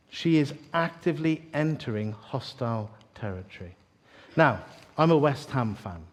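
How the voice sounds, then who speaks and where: Joking preacher telling stories. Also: male voice, mid-range voice, moderate pace. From East London. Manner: animated, joking storyteller with asides to the audience. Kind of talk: sermon.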